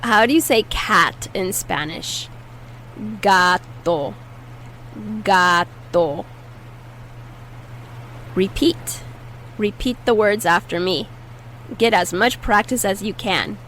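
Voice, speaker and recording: A woman teaching Spanish vocabulary in a patient way, saying each word slowly and repeating it for learners. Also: mid-range voice, animated, fairly bright tone, slight background noise, low-quality recording. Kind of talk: slow, clear language lesson.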